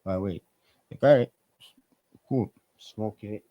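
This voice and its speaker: A man's voice: on the low side, unhurried, no echo, lo-fi sound. A man, a podcast guest telling stories in a loose, profane way and acting out the people in them. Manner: animated, profane, acts out quoted voices. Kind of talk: casual storytelling.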